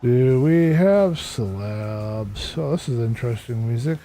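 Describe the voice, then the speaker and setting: A tired man's mid-range, mellow voice comes through animated but slow as he live-streams a Minecraft build. He chats casually to himself over the background game music and greets his viewers.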